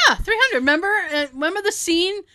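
A woman co-hosting a casual movie chat, animated, laughing often and swearing casually. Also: extremely high pitch, no room sound. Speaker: podcast co-host.

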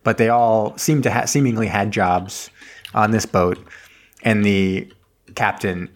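A man's voice: fairly low pitch, fairly even intonation, a little slow. A man co-hosting a podcast from home over an internet call, recapping a movie in a rambling, laughing way with many restarts. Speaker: podcast co-host. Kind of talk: casual movie recap chat.

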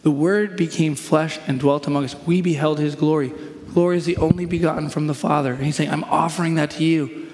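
A man's voice: on the high side, steady tone, fairly quick, in a large hall, noisy background. A man preaching a sermon in a conversational way, acting out quotes as he explains scripture. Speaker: pastor.

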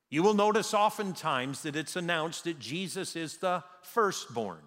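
A man preaching a sermon as pastor in a church sanctuary, emphatic, with slow dramatic pauses. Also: on the high side, sing-song, fairly bright tone. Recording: long reverb of a large hall.

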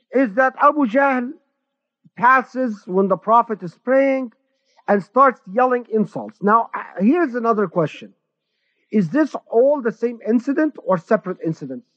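Male scholar, higher-pitched, deliberate lecturing delivery with stretched emphasis; dry, muffled lo-fi sound. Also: dry recording. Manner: deliberate, with repeated restarts and stretched emphasized words. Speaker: Islamic scholar giving Quran commentary. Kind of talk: spoken Quran commentary lecture. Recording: dull, dry lo-fi recording.

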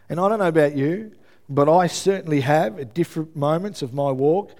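A man preaching a conversational sermon. He is earnest, checks in with his listeners with a quick "yeah?", and stumbles over his words as he builds intensity. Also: a little high, a little mellow. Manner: builds intensity, stumbles and repeats himself when moved.

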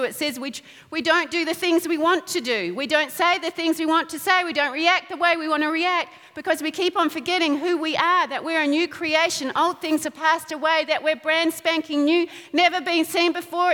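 A woman preaching a sermon in a lively, playful way, often laughing between points. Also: sits high. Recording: long hall reverb.

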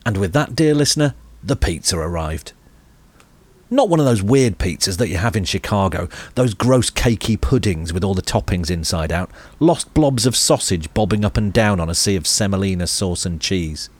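A man with a deep, expressive voice co-hosts a comedy podcast at a moderate pace. Playful and jokey, he keeps slipping into silly voices during the comic banter.

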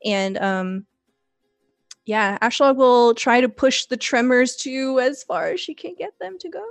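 A woman's voice: high voice, a little slow, creaky, no room sound, faint music behind. A woman playing in a tabletop game, describing her character's actions casually with lots of fillers. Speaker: player.

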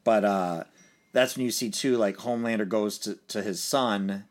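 A man's voice: on the low side, moderate pace. Rambling man recapping a show. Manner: rambling, with many fillers and restarts. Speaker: podcast co-host. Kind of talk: casual chat recapping a TV show.

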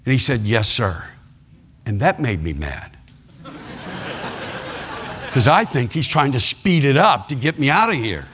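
A male pastor preaching a sermon, telling a story with animated, fervent delivery. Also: medium pitch, slow pace, long pauses, background noise.

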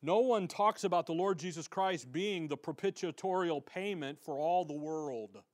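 An American man preaching a sermon, reading scripture loudly and dropping to quiet, conversational asides. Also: on the high side, normal speed. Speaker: pastor.

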